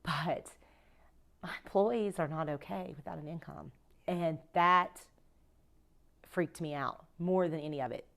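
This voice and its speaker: A woman's voice: low-pitched, unhurried, vocal fry, pauses often, fairly bright tone. A woman who owns a cleaning company, talking as a podcast guest in casual conversation, emphatic and acting out quoted dialogue as she tells her stories. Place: podcast recording.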